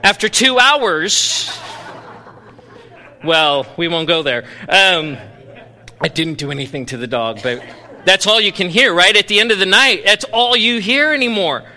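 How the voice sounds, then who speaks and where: A male pastor preaching a sermon, animated, swinging from loud playful bursts to low, intense stretches. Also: measured pace, long reverb tail. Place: church sanctuary.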